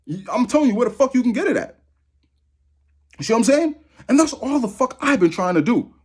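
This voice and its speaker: Husky man in his thirties, fired-up profane rant to camera, voice swings up and down a lot. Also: high voice, darkish tone. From Massachusetts. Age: 30s. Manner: profane, heated, repetitive. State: angry. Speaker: vlogger.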